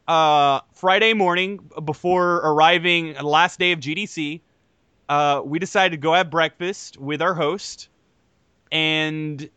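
Animated, swearing man telling a rant. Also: a little high, clean tone, no echo. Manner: animated, exasperated, heavy swearing. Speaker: podcast co-host telling a story. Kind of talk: profane comedic storytelling.

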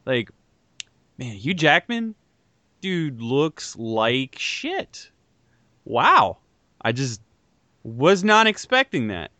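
A man hosting a podcast in casual chat, joking and animated, swearing freely. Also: medium pitch, extremely slow, pauses often, no echo. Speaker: podcast host.

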